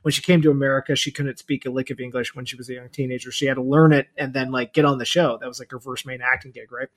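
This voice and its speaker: A young married man co-hosting a podcast in casual chat, speaking haltingly with many uhs. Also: mid-range voice, little pitch movement. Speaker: podcast co-host.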